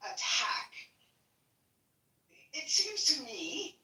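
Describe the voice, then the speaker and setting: High, lively-voiced woman panelist. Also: extremely slow. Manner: pointed and insistent questioning. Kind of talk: panel discussion. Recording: roomy, distant mic, faint noise.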